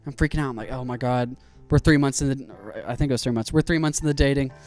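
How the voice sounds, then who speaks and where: A young man streaming while he builds a PC, telling an animated story with plenty of swearing. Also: mid-range voice, quick pace, faint music behind.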